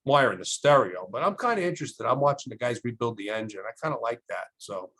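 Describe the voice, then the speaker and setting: A man's voice: lively intonation, fast talker, a bit bright, husky. Middle-aged New man telling stories. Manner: acts out quoted voices with big pitch jumps. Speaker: podcast guest, electrical contractor. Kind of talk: animated storytelling.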